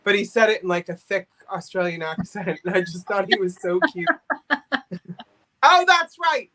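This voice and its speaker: A woman hosts a live vintage sale, chatting casually and cracking jokes. She laughs often and tells stories between items. Her pitch sits in the middle range. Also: expressive, normal speed, heavy background noise. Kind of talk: casual sales chat.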